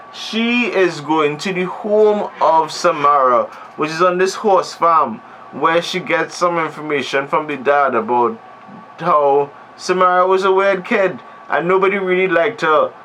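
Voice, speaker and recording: A man's voice: a little high, moderate pace, pushed and bright, a little hiss or hum, rough recording. A man giving a comedic movie recap, rambling and sarcastic, often cutting himself off mid-sentence. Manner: rambling, sarcastic, self-interrupting. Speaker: movie reviewer.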